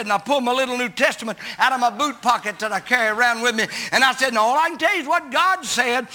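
A man's voice: very high voice, pushed and bright. A man preaching a sermon, telling a story in a folksy, emphatic way.

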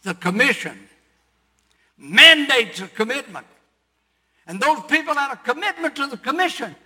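An older male preacher with a high, bright voice tells his story from the pulpit, swelling into loud, emphatic sermon delivery. His voice rings out with a long reverb in a large hall. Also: very animated, normal speed, breathy edge.

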